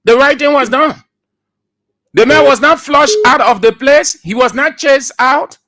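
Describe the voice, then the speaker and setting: A man's voice: very high-pitched, unhurried. A man with a Liberian accent hosting a call-in radio talk show, arguing back firmly with callers. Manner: lively, laughing, argues back firmly.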